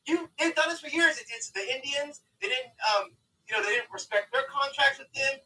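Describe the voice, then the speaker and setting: A man's voice: very high voice, fairly quick, bright, forceful tone, distant mic, poor audio. A man calling in to a live talk stream, speaking in a heated, profane, rambling way. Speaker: caller. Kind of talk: heated call-in conversation.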